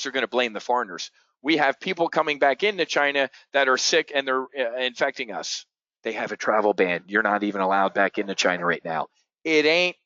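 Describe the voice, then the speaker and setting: A man's voice: medium pitch, no echo. Ranting, profane man on a dull stream. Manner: blunt, profane, ranting, swings loud and quiet. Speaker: trading show host. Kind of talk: live-streamed market commentary.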